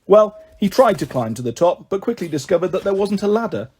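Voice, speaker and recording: A man reading a children's book aloud, lively and expressive. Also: sits high, brisk, slightly rough. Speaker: storyteller.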